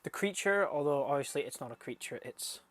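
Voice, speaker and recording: A man's voice: a little high, a little fast. Rambling young man reviewing films. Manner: rambling, swears freely, gets animated and laughs when amused. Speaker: film reviewer. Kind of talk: casual film review vlog.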